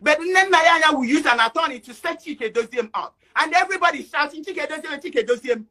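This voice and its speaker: A woman giving an emotional speech in an online discussion, often rising to shouting. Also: high-pitched, animated, brisk. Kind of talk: impassioned speech.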